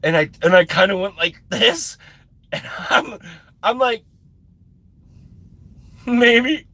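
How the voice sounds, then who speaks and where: A man telling a long personal story on a live stream, excitable and often laughing, repeating and restarting his words and swearing casually. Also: high voice, measured pace, gravelly, no room sound.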